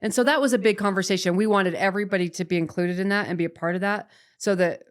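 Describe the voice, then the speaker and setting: A podcast guest in her 40s recounts a personal story quickly and smoothly at medium pitch. Her chatty, animated delivery is full of restarts and little "right?" checks.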